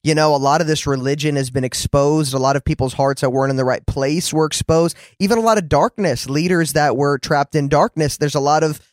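A man's voice: on the high side, a little fast, hardly any pauses, no echo, studio quality. A man hosting a casual faith conversation, talking earnestly with frequent restarts. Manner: earnest, many restarts and fillers.

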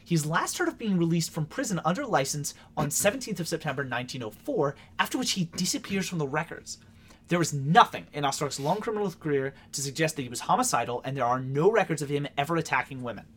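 A man co-hosting a casual podcast, reading notes aloud and bursting into loud profane outbursts. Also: on the high side, lively intonation, quick pace. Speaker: podcast co-host.

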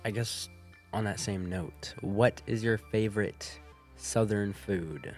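A young man co-hosting a casual podcast interview, asking questions in a measured, playful way. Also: lowish voice, a little mellow, faint music behind. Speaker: podcast co-host.

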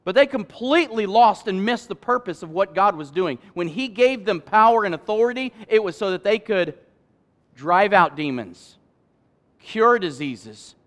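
His voice sits high as he preaches to his congregation, trading jokes with them and moving from loud, emphatic lines to quiet asides.

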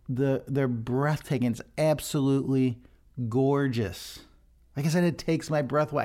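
A man's voice: mid-range voice, a little mellow. A man who leads worship, hosting a devotional podcast in an earnest, conversational way, often restarting his sentences. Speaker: worship leader, podcast host.

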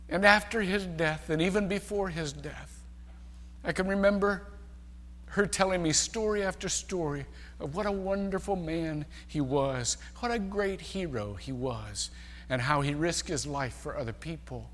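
High bright-voiced preacher in reverberant church. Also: male voice, moderate pace. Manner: storytelling preacher, swings between loud emphasis and hushed tones. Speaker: pastor. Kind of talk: sermon. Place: large church sanctuary.

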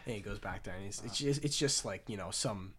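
A man's voice: fairly low pitch, fairly quick, fairly bright tone, husky. A man hosting a casual podcast, joking crudely and rambling with frequent restarts. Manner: rambling, joking, often trailing off. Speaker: podcast host.

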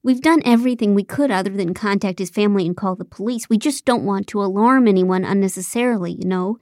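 A woman's voice: medium pitch, fast, a little mellow, dry recording, studio quality, natural voice. Confident female TV executive, read by the narrator; cool, insistent. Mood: businesslike. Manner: composed, businesslike, insistent.

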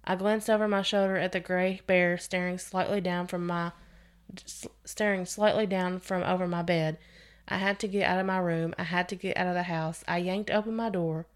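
A woman's voice: lowish voice, fairly even intonation, normal speed. A woman hosting a podcast, reading a scary story aloud with expression and sometimes restarting a phrase. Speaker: podcast host reading stories.

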